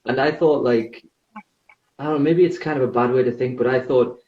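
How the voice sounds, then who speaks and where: A relaxed, chatty young man with a northeast English accent talks at a middle pitch. His voice comes over a live video call, sounding roomy and a little dull. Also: brisk. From northeast England. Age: 20s. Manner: easygoing and chatty, with light laughs. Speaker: guest. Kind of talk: casual interview chat.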